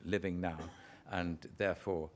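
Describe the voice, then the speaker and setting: A man's voice: sits low, a little slow. An older man, an actor telling self-deprecating anecdotes as an interview guest. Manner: animated storyteller, self-deprecating.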